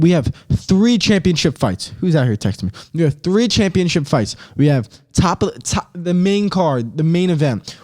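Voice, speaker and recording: A young man hosting a podcast, telling stories in an excitable, slangy, animated way. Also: on the high side. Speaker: podcast host. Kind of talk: casual solo podcast chat.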